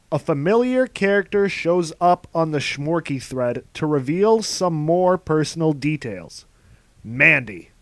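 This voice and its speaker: A man's voice: a little high, no room sound. A man narrating a scripted video essay in a sardonic, exasperated manner.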